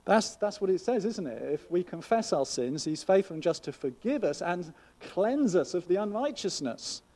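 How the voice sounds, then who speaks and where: Earnest pastor with a mellow voice. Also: male voice, high voice, sing-song, moderate pace. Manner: conversational, earnest teaching with rhetorical questions. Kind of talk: sermon.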